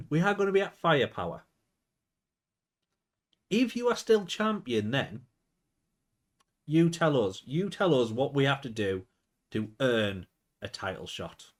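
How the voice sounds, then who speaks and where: A man reading the lines of a brash young woman wrestler in his own voice, with no accent, pitched somewhat higher. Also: big pitch swings, unhurried, long pauses. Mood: challenging.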